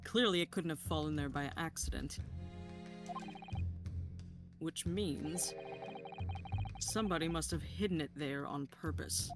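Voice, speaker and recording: A woman voicing a calm young male defense lawyer, reading softly and quietly. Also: deep voice, unhurried, pauses often, over music. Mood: reasoning.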